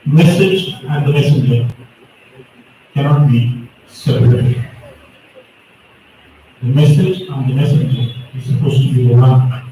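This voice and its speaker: Slow man judging a speech contest. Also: medium pitch, mellow, slight background noise. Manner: slow, explains pronunciation rules. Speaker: competition judge. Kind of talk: speech to students. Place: school hall. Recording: echoey hall, from far off.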